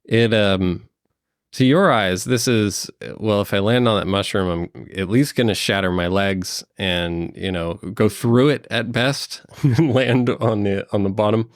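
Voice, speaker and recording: A man's voice: on the low side, unhurried, no room sound, studio quality. A man narrating as game master of a tabletop game, hesitant with many ums and uhs. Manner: hesitant, fills with um and uh.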